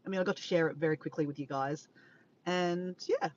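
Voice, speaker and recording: A woman's voice: lowish voice, a little fast, darkish tone. A tired Australian woman chatting casually from her car to live viewers, rambling, greeting them by name and correcting herself. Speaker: vlogger livestreaming to viewers. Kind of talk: casual chat to a live audience. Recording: dull lo-fi with faint background noise.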